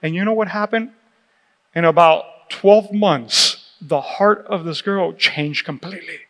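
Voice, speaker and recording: Animated high-voiced male pastor preaching. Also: a little slow. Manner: animated, laughing, acts out quoted voices. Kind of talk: sermon. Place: church sanctuary. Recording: reverberant church hall with music.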